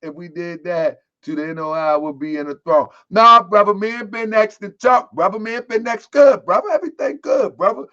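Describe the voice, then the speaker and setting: A man rants to his online audience in a high, excitable voice. He repeats himself and laughs between points. The recording sounds dull and lo-fi. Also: brisk, few pauses, some chatter behind. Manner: repetitive, heated, laughing, calls the audience family. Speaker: online commentary host. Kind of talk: animated commentary rant.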